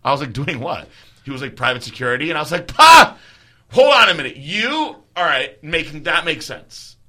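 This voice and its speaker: Man, animated storyteller, bright edgy tone, casual profane chat, does quick voices of others. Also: a little high. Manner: animated storyteller, swears freely, mimics others. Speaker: podcast co-host.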